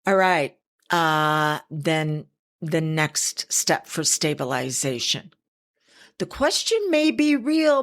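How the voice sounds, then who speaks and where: Slow, low-voiced woman self-help host. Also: animated, fairly bright tone. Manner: earnest and anecdotal, with emphatic asides. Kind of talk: reflective personal-growth monologue.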